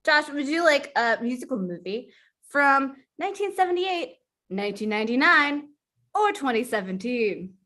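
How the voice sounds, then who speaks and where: A woman's voice: sits high, big pitch swings, normal speed, bright, forceful tone. A woman guest-hosting a casual online trivia game, laughing often as she reads out clues. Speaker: guest game show host.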